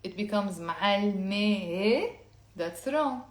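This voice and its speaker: A woman teaching a language lesson, explaining step by step and repeating words slowly for learners to say along. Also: mid-range voice, animated, a little mellow, reverberant. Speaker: Lebanese Arabic teacher.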